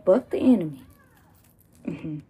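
A woman's voice: fairly low pitch, expressive, unhurried, mellow, slightly rough. A woman hosting her own podcast, ranting casually and profanely with laughing asides, recovering from pneumonia. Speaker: podcast host. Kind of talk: casual solo rant.

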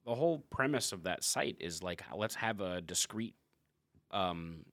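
Bright-voiced man in crude banter. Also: sits low, lively intonation, a little slow, no room sound. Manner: loose, profane, laughs often. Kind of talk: crude casual chat.

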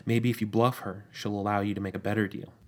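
A man voicing a male demon who talks in halting, hesitant phrases in a low voice. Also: little pitch movement, close to an everyday voice. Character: male demon, scheming yet tender.

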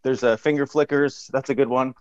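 A man rambles goofily through an improvised tech support call, drifting off topic at every turn. His voice sits at an ordinary middle pitch. The audio is dull and lo-fi. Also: fairly even intonation, brisk, smooth. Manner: rambling, goofy, digressive. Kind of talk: improv comedy phone call.

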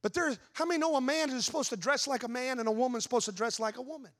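Male pastor, very high pitch, animated sermon storytelling with rhetorical questions. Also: very fast. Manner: animated storytelling with voiced asides.

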